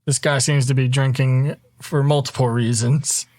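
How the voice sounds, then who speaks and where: A man's voice: mid-range voice, fairly even intonation, moderate pace, darkish tone, dry recording, clean studio sound. Easygoing man narrating as game master.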